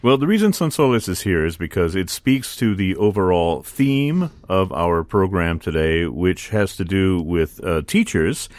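A man's voice: deep voice, expressive, unhurried, hardly any pauses, no room sound. A man hosting a podcast in casual chat, joking and often laughing at himself. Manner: jokey, laughs often, self-deprecating. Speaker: podcast host.

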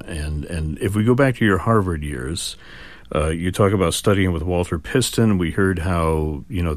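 A male radio host interviewing a guest, speaking in a relaxed way with frequent fillers. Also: sits low, no echo.

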